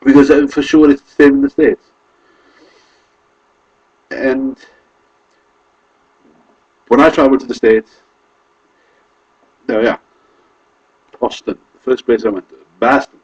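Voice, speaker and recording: A man's voice: medium pitch, slow, pauses often, darkish tone, slightly rough, highs cut off. A man from Wales with a Carmarthenshire accent, talking casually to camera in a rambling, self-correcting way. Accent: Welsh, Carmarthenshire. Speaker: vlogger.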